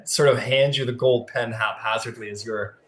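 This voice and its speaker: A man narrates a tabletop role-playing game as its game master. He talks in a loose, casual way, full of fillers. His voice sits at an ordinary middle pitch. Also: fairly even intonation, moderate pace, fairly bright tone.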